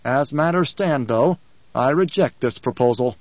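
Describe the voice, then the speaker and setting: A man's voice: mid-range voice, dry recording, natural voice. A man reading a grave, brooding young emperor. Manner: measured, grave, clipped when angered. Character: stern young male emperor, weary and brooding. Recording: dull lo-fi audiobook recording.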